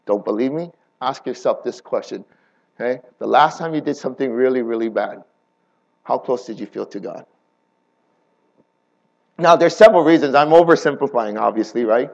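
A man preaching a sermon, swinging between hushed and impassioned and asking the audience rhetorical questions. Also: medium pitch, vocal fry, highs cut off.

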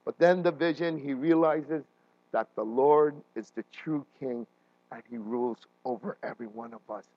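A man preaching a sermon as a pastor, animated and often checking in with his listeners, with frequent restarts and fillers. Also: mid-range voice, moderate pace, no room sound, lo-fi sound.

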